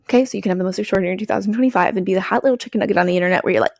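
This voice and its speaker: A woman hosting her own podcast, giving an energetic, swearing pep talk to her listeners. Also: medium pitch, rapid-fire, vocal fry, few pauses, dry recording, clean studio sound. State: out of breath. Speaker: podcast host and business coach. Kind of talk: solo podcast monologue.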